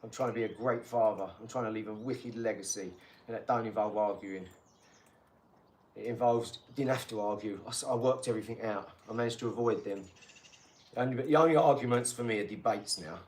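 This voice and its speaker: A man's voice: lowish voice, a little fast, darkish tone. A man who is a father, rambling and boastful in casual live-stream chat, mixing in street slang. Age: adult father.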